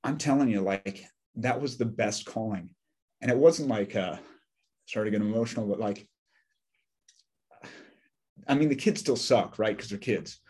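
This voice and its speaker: A man's voice: fairly low pitch, moderate pace, pauses often, a little mellow, slightly rough. A middle-aged man telling candid, joking stories as a podcast guest. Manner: candid and joking, with wry asides. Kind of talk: casual conversational storytelling.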